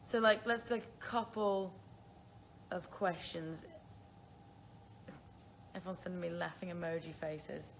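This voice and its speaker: Unhurried and creaky, her fairly low voice keeps a fairly even intonation and pauses often, with a little hiss or hum behind it. She's a twentysomething woman from the Isle of Man with a British accent, chatting casually on a phone livestream, answering viewers and frequently laughing at herself.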